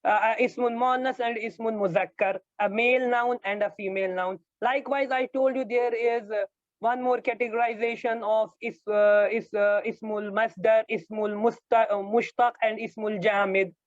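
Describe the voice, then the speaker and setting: A male grammar teacher giving an online lecture, explaining slowly and repeating his points with many hesitations. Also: sits high, steady tone, dry recording. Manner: slow, repetitive explaining with frequent hesitations. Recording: dull lo-fi dry sound.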